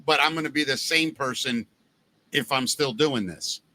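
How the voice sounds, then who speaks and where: A middle-aged man hosting a casual podcast chat, telling stories in an animated way, acting out quotes and swearing freely. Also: mid-range voice, normal speed. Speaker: podcast host.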